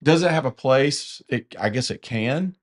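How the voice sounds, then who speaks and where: A man's voice: mid-range voice, lively intonation, a little slow. A man with a Southern US accent co-hosting a podcast, talking candidly in a rambling, self-correcting way. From Carolinas, US. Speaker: podcast co-host. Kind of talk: casual conversation.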